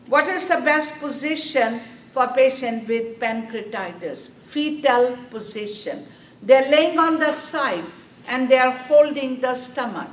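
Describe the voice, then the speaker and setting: A slow-spoken woman, lecturing a nursing review class. She keeps asking her students questions and answering them herself, pressing each point home. She is recorded from across an echoey classroom, with faint room noise behind her. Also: sits high, fairly bright tone, recorded from a distance. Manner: quizzing students with repeated questions, slow and emphatic. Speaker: nursing exam instructor.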